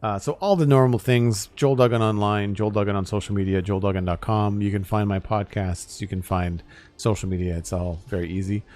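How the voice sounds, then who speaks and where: A man chatting casually while streaming a building game, relaxed and rambling with frequent ums and uhs. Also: lowish voice, brisk. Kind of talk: casual live-stream chat.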